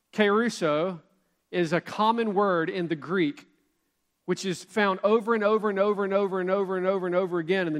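A man with a high voice preaches from the pulpit, driving his points home with rhetorical questions. His words ring out with a long reverb through the church sanctuary. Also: fairly bright tone. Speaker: pastor. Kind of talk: sermon.

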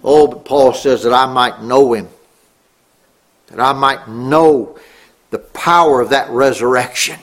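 A middle-aged man preaching a sermon, earnest, rising on key words and dropping low. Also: measured pace, long pauses.

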